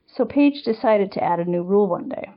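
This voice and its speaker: A woman's voice: medium pitch, expressive, brisk, lo-fi sound. A woman podcast host reading a first-person story aloud in a conversational, wry storytelling manner.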